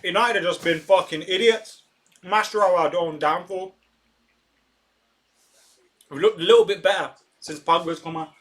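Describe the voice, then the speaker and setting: A man reacting live to a football match as a fan, getting excitable, swearing and shouting at the referee. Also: sits high, normal speed, long pauses. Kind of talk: live match watch-along commentary.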